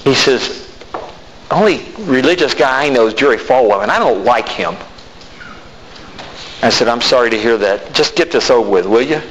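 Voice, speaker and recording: A man delivers a sermon built around a personal testimony, voicing himself and the other people in the story. His pitch rises and falls in wide, animated swings. He is heard in a hall with a long reverb and a faint noise floor. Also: normal speed, long pauses. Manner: animated storytelling, acting out both sides of conversations. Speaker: pastor.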